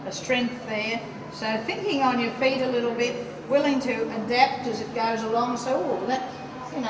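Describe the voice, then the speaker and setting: An Australian woman with a fairly high voice gives a painting demonstration, chatting and thinking aloud while she works. She sits well away from the microphone in a large hall with a long ringing echo. Loud room noise runs underneath her. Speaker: painting teacher. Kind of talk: live watercolour demonstration. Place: large room with a live audience. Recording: echoey hall from far off, loud background noise.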